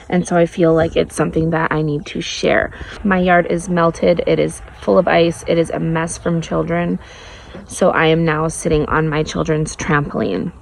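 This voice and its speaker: A woman's voice: fairly low pitch, gravelly, a little mellow, a little hiss or hum, rough recording. A woman in her thirties, a mother, telling a personal faith story in an earnest, candid way, sitting outdoors in her yard. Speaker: mother sharing faith testimony. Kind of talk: casual personal testimony vlog.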